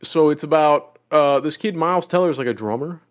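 A man co-hosting a casual podcast, retelling a film scene in a profane, excitable way. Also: fairly high pitch, fairly quick. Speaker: podcast co-host.

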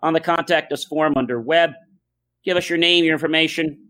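A man hosting a talk show, speaking earnestly and calmly, with many uh and um fillers as he tells stories. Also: fairly high pitch, fairly quick. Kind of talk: casual podcast talk.

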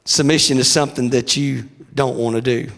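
A man preaching a revival sermon, shouting in a sing-song cadence, his voice wearing out. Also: medium pitch, steady tone, brisk.

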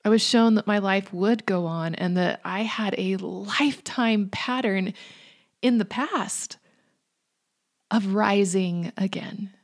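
A woman in her thirties giving a reflective devotional talk in a gentle, earnest way, sometimes dropping to a hush. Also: mid-range voice, slow. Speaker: faith speaker.

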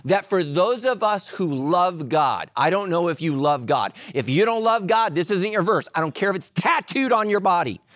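A man preaching a sermon as pastor, telling stories with humor and swinging between loud emphasis and hushed asides. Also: sits high, very animated, moderate pace, hardly any pauses, dry recording, studio quality.

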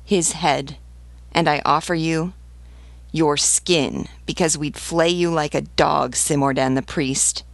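Defiant scornful rebel man, read by a woman, slow, gravelly, dry close sound, storybook reading. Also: sits low, fairly even intonation, no echo, full character voice.

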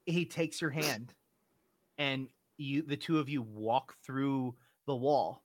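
A man narrating a tabletop game as game master, describing scenes deliberately. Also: mid-range voice, fairly even intonation, dry recording. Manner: deliberate, descriptive, some restarts.

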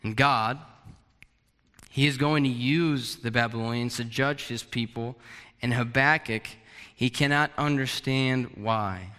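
A man preaching a sermon, animated, sometimes acting out a prophet's anguished questions. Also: mid-range voice, measured pace, clean tone. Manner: animated, acts out Habakkuk's questions. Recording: long hall reverb.

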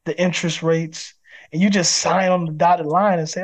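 A man's voice: high voice, fairly even intonation, normal speed. A man who is a pastor, a guest on a podcast interview, speaking in an emphatic, preacherly way. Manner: acts out quoted people in other voices.

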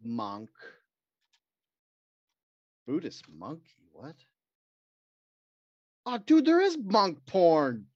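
A man's voice: fairly high pitch, wildly swooping pitch, drawn-out words, long pauses, a little mellow, no echo. A man, co-hosting a podcast in casual banter and spinning crude, joking stories. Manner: crude, joking storyteller who puts on voices. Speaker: podcast co-host. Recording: dry, dull lo-fi sound.

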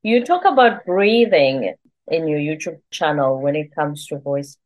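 A woman's voice: sits low, lively intonation, measured pace, a little mellow, rough recording. A woman hosting a podcast, chatting in a friendly way, laughing easily and asking her guest open questions. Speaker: podcast host. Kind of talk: conversational interview.

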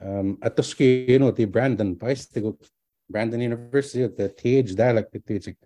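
A middle-aged man who teaches languages and is a doctoral student speaks at medium pitch and normal speed, with a dark tone in a dry recording. He casually rambles through his own story, with many restarts and words borrowed from another language.

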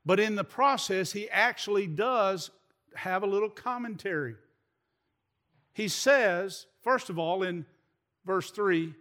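A man preaching an animated sermon to his congregation, often repeating words and dropping in folksy asides. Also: sits high, slow pace. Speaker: pastor.

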